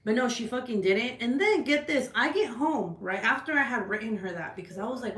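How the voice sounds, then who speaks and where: A woman telling a story in a casual rant, animated, swearing a lot, with many "like"s and "right?"s. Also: fairly high pitch, brisk, hardly any pauses, reverberant, slight background noise. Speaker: vlogger. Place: at home.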